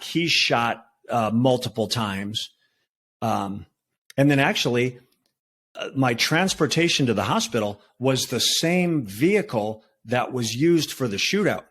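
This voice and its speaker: A man in his sixties recounts his past at an easy pace, his voice sitting at an ordinary middle pitch. He talks loosely, with plenty of fillers and restarts, like a guest on a podcast. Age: 60s. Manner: relaxed, with frequent fillers and restarts. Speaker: retired federal agent, podcast guest. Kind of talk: conversational storytelling.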